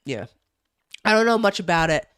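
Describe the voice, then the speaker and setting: A young woman from New Jersey, USA, streams live, reading the news, chatting casually, swearing freely, and reacting to chat. Her lowish voice is animated, fairly bright, and smooth at a normal speed, and the recording is dry and studio quality.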